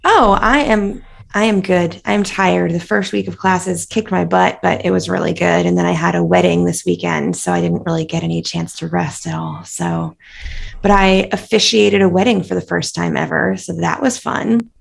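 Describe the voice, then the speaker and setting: A woman co-hosting a podcast in casual chat, talkative and quick to laugh, with a lot of "like" in her speech. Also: lowish voice, steady tone, gravelly. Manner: chatty, laughs easily, lots of "like". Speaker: podcast co-host and dance studio owner.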